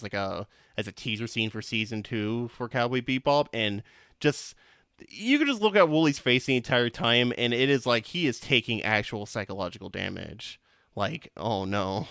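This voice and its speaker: A man's voice: on the low side, normal speed, fairly bright tone, clean tone, dry recording, studio quality. A young man hosting a casual podcast, rambling with lots of swearing and restarts. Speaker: podcast host.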